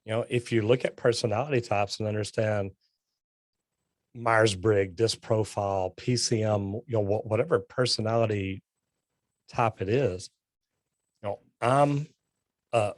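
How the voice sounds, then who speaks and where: A man's voice: lowish voice, measured pace, pauses often, dry recording, clean studio sound. A man speaking as a guest in a casual interview, direct and to the point, telling stories with acted-out dialogue. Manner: animated storytelling with quoted dialogue. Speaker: plumber and sales guest.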